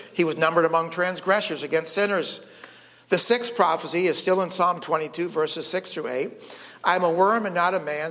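A man preaching a sermon, emphatic, checking in with the congregation with quick "okay?" and "right?" asides. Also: fairly high pitch, fairly bright tone. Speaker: pastor. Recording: long hall reverb.

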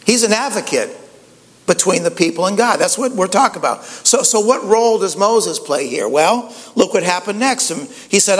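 A man's voice: high voice, expressive, moderate pace, big-room sound. A pastor preaching a conversational sermon, often repeating words and saying "you know" as he goes.

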